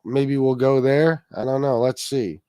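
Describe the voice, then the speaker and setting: A man's voice: medium pitch, steady tone, a little slow, warm tone, smooth, dry recording. A man hosting a casual livestream, rambling, swearing freely and reacting to chat comments. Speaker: livestream host.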